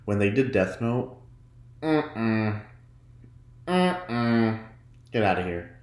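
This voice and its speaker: A man hosting his own podcast in casual solo chat, chatty and giggly, often jumping into high mock voices when he quotes himself. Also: lively intonation, extremely slow, echoey room. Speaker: podcast host.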